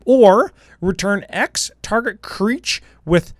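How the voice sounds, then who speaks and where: A man with a fairly high voice chats casually about game cards, tossing in quick jokes. The sound is close and dry, with no room around it. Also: animated, no room sound. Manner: joking, quick asides. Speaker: podcast co-host. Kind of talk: casual card review chat.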